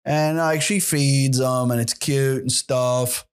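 A man's voice: mid-range voice, fairly even intonation, slow pace, clean tone. A young man hosting a solo podcast, rambling and sarcastic with plenty of swearing. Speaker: podcast host.

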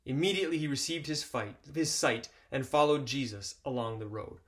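A man's voice: mid-range voice, brisk, a bit bright. A man preaching a sermon, reading Bible passages with expression and repeating key phrases earnestly.

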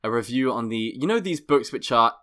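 A man's voice: medium pitch, lively intonation, fairly quick, sharp tone. A man co-hosting a podcast, joking and reading reviews aloud in casual chat. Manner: jokey, reads listener reviews aloud. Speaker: podcast co-host.

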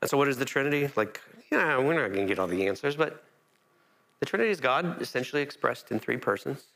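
A man's voice: medium pitch, expressive, quick pace, vocal fry, fairly bright tone. A male pastor preaching a conversational sermon, often restarting phrases and lifting his voice when he quotes Scripture.

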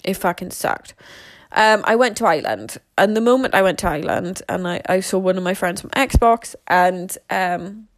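A woman's voice: on the low side, animated, moderate pace, no echo. A young woman tells her life story candidly and casually, rambling and swearing freely.

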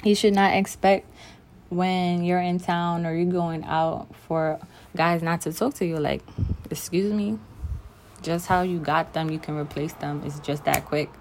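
A woman's voice: lowish voice, level tone, unhurried, a little hiss or hum. A young woman ranting bluntly and emphatically to the camera in a casual vlog. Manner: blunt, emphatic, talks straight to the listener. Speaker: vlogger.

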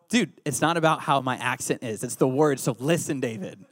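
A man's voice: mid-range voice, a little fast, few pauses, no echo. A man preaching a youth sermon, playful and teasing the audience. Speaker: youth pastor.

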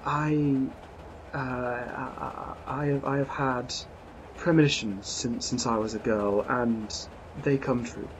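Stammering, apologetic man doing a fashionable lady with second sight, nervous and urgent. The voice sits mid-pitch with a dull, lo-fi sound and faint hiss behind it, as in a tabletop game session. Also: fairly even intonation, slow pace, lightly acted. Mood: flustered. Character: fretful fashionable woman of middle age with premonitions.

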